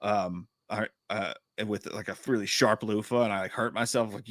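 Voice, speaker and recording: A man's voice: lowish voice, fairly even intonation, normal speed, hardly any pauses, a bit bright, dry recording. A man hosting a live stream, chatting casually and reading out viewer comments in a rambling, profane, joking way. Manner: reads viewer chat aloud. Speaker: podcast host.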